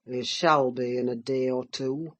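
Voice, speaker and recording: A woman voicing a harsh, menacing middle-aged man who scolds his frail son with gruff scorn, in an audiobook reading. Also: rumbling low, steady tone, a little slow, pitched below the performer's own voice. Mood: menacing, scornful. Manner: gruff, scornful, growls then bursts into shouts.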